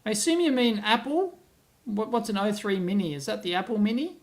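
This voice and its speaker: A man's voice: sits high, animated, brisk. Australian man, livestream host, rambling casual talk, reads comments aloud, frequent laughs. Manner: rambling and chatty, laughs often, thinks out loud with restarts. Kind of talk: casual live-stream chat, reading viewer comments aloud. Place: at home on a laptop, away from his office.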